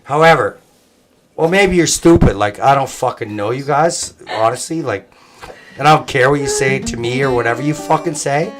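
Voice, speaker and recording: A man's voice: medium pitch, moderate pace, music in the background. Profane rambling man. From Cape Breton, Canada. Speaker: livestream host. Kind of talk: casual party chat.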